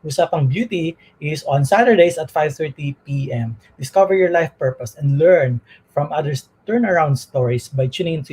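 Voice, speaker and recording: A husky-voiced male talk show host from the Philippines, pitched a little high. He reads a long run of show announcements in a broadcast manner, then questions his guest in a friendly way. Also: warm tone, rough recording. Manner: reads promos at length, laughs at himself.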